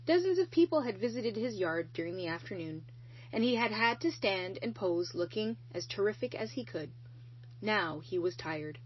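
A woman narrating a children's novel aloud in an expressive storytelling manner. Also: medium pitch, normal speed, dull audio, a little hiss or hum.

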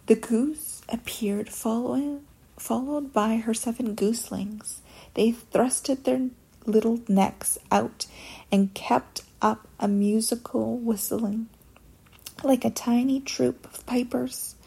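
Woman softly whispering a storybook. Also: a little high, steady tone, slow, creaky, breathy edge, low-quality recording. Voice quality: soft whisper.

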